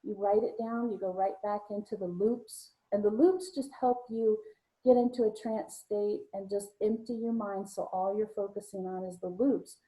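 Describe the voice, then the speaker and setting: A woman's voice: medium pitch, steady tone, warm tone, low-quality recording. A woman co-hosting a live video-call show as a psychic medium, chatting casually and telling anecdotes with a ready laugh. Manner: chatty storytelling, quick to laugh.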